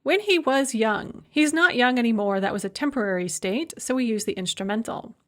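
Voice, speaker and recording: A woman professor giving a recorded video lecture, explaining clearly and slowing down for her example phrases. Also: on the high side, expressive. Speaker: language professor.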